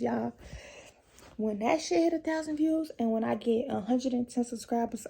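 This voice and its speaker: A young woman telling a profane, animated storytime to her viewers in a casual vlog. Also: a little high, vocal fry. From Chicago area. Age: young adult. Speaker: vlogger.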